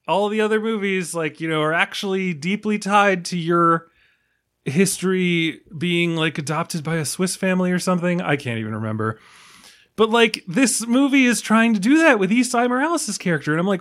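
A man's voice: high-pitched, lively intonation, normal speed, a bit bright. A tired man hosting a casual film podcast, rambling with many fillers and restarts. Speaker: podcast host.

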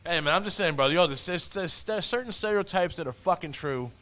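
Guy hosting a podcast, kinda high voice, says bro and dude a lot, swears constantly. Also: brisk, bright, forceful tone. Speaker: podcast host. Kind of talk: casual podcast chat.

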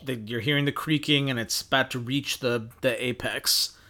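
A woman's voice: very deep voice, steady tone, moderate pace, background noise. A woman co-hosting a casual book podcast, musing and hesitant with dry asides. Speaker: podcast co-host. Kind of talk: casual book discussion chat.

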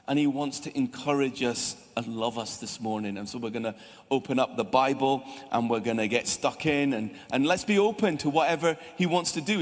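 Chatty Scottish pastor in a reverberant church. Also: male voice, on the high side. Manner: lively, chatty preaching with asides to the congregation. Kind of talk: sermon. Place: church hall.

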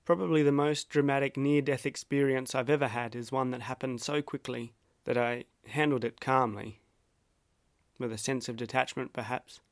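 A man with an Australian accent narrating a reflective personal essay in a measured, wry, self-deprecating way. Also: medium pitch, fairly even intonation, no room sound, studio quality.

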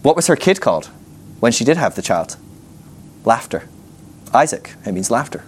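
A man teaching a Bible class, telling the story with animated energy and often laughing at his own points. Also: medium pitch, normal speed, husky. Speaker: ministry school teacher.

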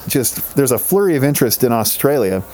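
A man's voice: medium pitch, big pitch swings, brisk, warm tone, soft background music. A man from Colorado co-hosting a show, rambling through playful tangents in casual comedic banter. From Colorado, USA. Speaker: podcast co-host.

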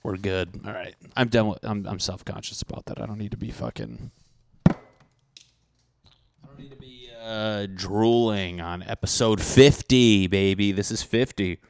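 A man hosting a podcast, ranting in a casual, profane and animated comic way into a handheld microphone. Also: fairly low pitch, moderate pace, vocal fry, a little hiss or hum. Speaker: podcast host. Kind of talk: casual comedic rant.

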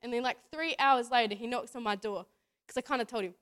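At church, a young youth speaker delivers a relaxed testimony in a clean, fairly bright voice on the high side, moving at a quick pace. Her talk is chatty and packed with "like" and "you know," broken up by frequent laughter.

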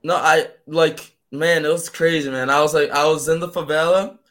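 A young man from Brazil, a native Portuguese speaker, telling his story in a casual interview, animated and full of "man" and "like". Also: on the high side, moderate pace. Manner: animated, acts out voices in quotes, fills with "man" and "like". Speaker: guest.

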